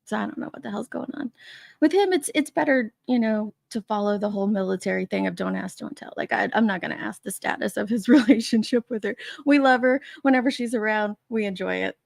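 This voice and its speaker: A woman's voice: medium pitch, brisk, creaky, few pauses, no room sound, studio quality. A woman hosting a casual live stream, chatting and laughing as she greets viewers by name from her basement man cave. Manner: chatty, laughing often, greeting chat names. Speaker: livestream host.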